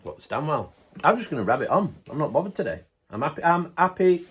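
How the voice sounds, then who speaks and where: A man's voice: medium pitch, big pitch swings, quick pace, fairly bright tone, slightly rough. A middle-aged man, chatting casually to camera, ranting bluntly, then laughing it off with good humour. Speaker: vlogger.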